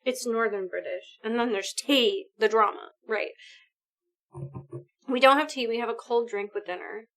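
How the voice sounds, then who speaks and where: A woman live streaming a video game, chatting casually with her viewers in an animated, exclamatory way. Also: fairly high pitch, normal speed. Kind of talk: casual gaming stream chat.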